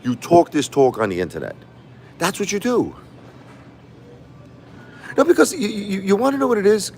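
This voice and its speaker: A man's voice: high-pitched, big pitch swings, normal speed, darkish tone, slight background noise. A man livestreaming a combative, boastful rant, taunting his critics and repeating himself. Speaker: livestreaming YouTuber. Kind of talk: ranting livestream monologue.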